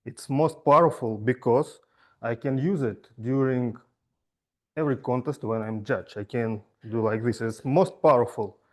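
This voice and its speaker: A man giving an impromptu speech in halting, broken English at a speaking club. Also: medium pitch. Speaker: club member answering an impromptu question.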